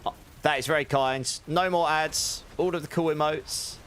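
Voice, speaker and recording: A young man livestreams a game, chatting casually with viewers and thanking them, his voice slightly sore. It's fairly high and a bit bright, with fairly even intonation at normal speed, and there's slight background noise.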